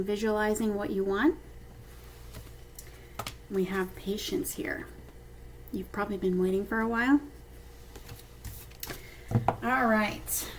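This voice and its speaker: A woman at a mid pitch gives a casual card reading, talking straight to her viewers. Her delivery is chatty, and she keeps checking in with them as she goes. A faint hiss runs underneath. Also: darkish tone, rough recording. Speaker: tarot card reader. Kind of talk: casual intuitive reading to camera.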